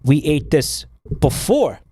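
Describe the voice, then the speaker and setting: Animated, laughing male streamer. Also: a little high, takes it slowly, no room sound, studio quality. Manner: animated, laughs often, swears freely. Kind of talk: casual chat reacting to a game.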